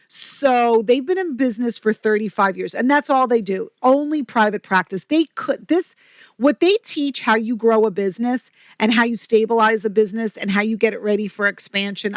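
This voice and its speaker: A woman guest on a podcast, telling stories in an energetic, chatty way with quick asides. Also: a little high, dry recording, studio quality. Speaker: podcast guest, company president. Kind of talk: casual interview talk.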